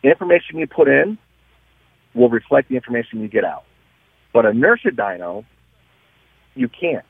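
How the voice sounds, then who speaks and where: Over a tinny phone line, a dyno shop owner appears as a guest on a casual radio interview, telling stories animatedly and restarting his sentences often. His voice is husky and medium-pitched, at normal speed with frequent pauses. There's no room sound.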